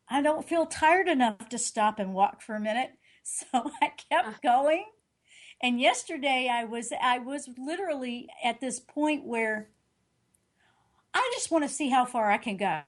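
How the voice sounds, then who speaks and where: A middle-aged woman speaking as an intuitive reader in an interview, telling a story earnestly and animatedly, often restarting and correcting herself. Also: on the high side.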